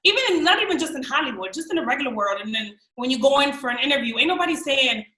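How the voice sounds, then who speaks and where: A young woman, a guest on a podcast, talking in an animated, candid and slangy way. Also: high voice, very fast. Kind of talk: casual chat. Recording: roomy echo.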